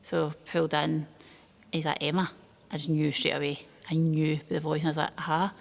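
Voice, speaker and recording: A woman's voice: sits low, moderate pace, creaky. A woman telling a family story in a documentary interview, acting out the dialogue as she goes. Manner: lively storytelling, acts out quoted dialogue. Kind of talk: interview recollection.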